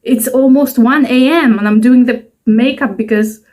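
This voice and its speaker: A twentysomething woman vlogs from home at night, rambling to the camera and poking fun at herself. Her voice is a little high and warm, and she speaks at a moderate pace.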